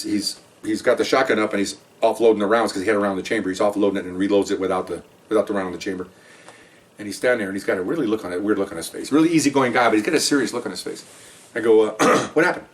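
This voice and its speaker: A man's voice: fairly low pitch, fast. A man, a veteran police officer, telling a story from his career in a rambling way and acting out the quotes. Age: older. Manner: rambling, animated retelling with acted-out quotes. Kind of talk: casual storytelling. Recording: voice a bit far from the mic.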